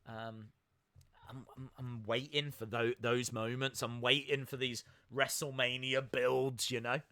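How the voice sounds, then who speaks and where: A man's voice: medium pitch, little pitch movement, unhurried, pushed and bright. A young man hosting a casual live-stream reaction chat, rambling with lots of fillers and restarts as he reads out viewer comments and thanks people.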